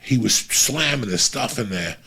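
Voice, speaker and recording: A man telling a profane, animated story and acting out the voices of the people in it. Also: mid-range voice, normal speed, breathy edge. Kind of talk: casual storytelling.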